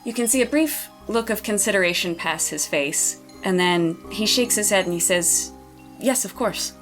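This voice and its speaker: A woman narrating and running a tabletop role-playing game in a relaxed, chatty way. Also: medium pitch, normal speed, soft background music. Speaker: game master.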